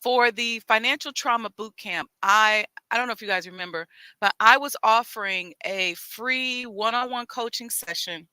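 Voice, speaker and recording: A woman's voice: on the high side, normal speed, sharp tone, clear, resonant tone, dry recording. A woman hosting a live talk outdoors, chatting in a folksy way with a Chicago accent, speaking into a headset mic. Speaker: host. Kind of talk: live-streamed casual talk.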